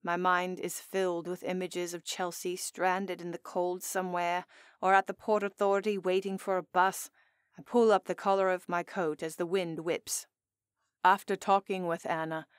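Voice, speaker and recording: Smooth low-voiced woman audiobook narrator. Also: little pitch movement, moderate pace, dry recording, studio quality. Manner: intimate, earnest storytelling. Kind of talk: first-person romance audiobook narration. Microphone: close studio mic.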